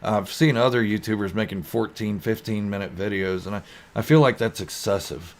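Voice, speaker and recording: A low-voiced man hosts a laid-back live stream at a moderate pace. He reads viewer comments out loud and wanders through them in a goofy, easygoing manner.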